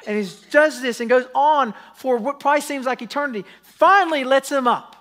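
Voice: high voice, brisk, fairly bright tone. A pastor preaching a sermon, telling stories with acted-out quotes and asking the congregation pleading questions.

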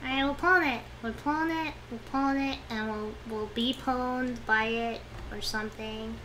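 Streaming a game as a VTuber, a young woman talks herself through her moves, whining and pleading. Her voice is fairly high, steady, unhurried and fairly bright, with slight background noise.

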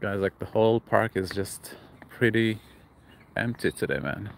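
A man's voice: lowish voice, a little slow, gravelly, slight background noise. A man live-streaming from an outdoor park, chatting casually and reading viewer comments aloud as he walks. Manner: reads viewer comments aloud and greets them. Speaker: livestream vlogger.

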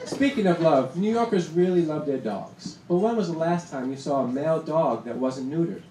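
A young man doing a stand-up set on a comedy club stage, punchy and deadpan, with laughter behind him. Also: a little high, normal speed. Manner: punchy deadpan delivery with acted-out quotes. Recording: roomy club sound with noise. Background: audience laughter.

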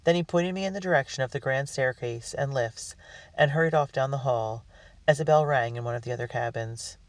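A man narrating a storybook in the first person with an earnest, expressive delivery. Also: mid-range voice, a little fast, no room sound. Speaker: audiobook reader. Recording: dry, distant mic.

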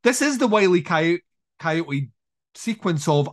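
Animated, higher-voiced man chatting about films. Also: unhurried. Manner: animated retelling of scenes, frequent swearing; many fillers and restarts, laughs while talking. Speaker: podcast co-host. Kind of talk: casual film discussion.

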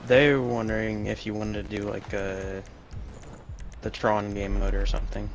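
Gravelly young man cracking jokes in game chat. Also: fairly low pitch, level tone, moderate pace. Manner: laughing, wisecracking. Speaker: gamer. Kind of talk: casual gaming chat. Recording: voice chat over loud game noise.

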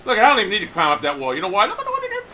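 A loud, hyper man giving boastful, trash-talking commentary over his gameplay. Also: high-pitched, wildly swooping pitch, very fast, slight background noise. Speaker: gamer.

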